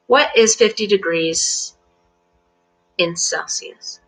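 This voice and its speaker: A middle-aged woman teaching English on a live stream, explaining patiently and clearly with fillers and easy laughs. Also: mid-range voice, expressive, slow pace, long pauses, pushed and bright, rough recording. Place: home in Central Virginia.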